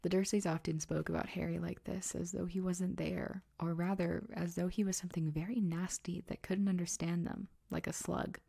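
Lady whisper-reading a story, husky and gravelly, mellow. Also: on the low side, moderate pace, few pauses. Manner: soft, hushed and steady. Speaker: narrator.

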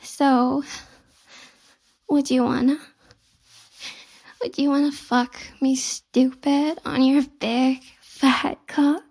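Giggly, teasing young woman, high fry. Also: little pitch movement, very slow, long pauses, darkish tone. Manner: playfully bratty and coy. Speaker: audio role-play performer. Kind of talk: intimate audio role-play.

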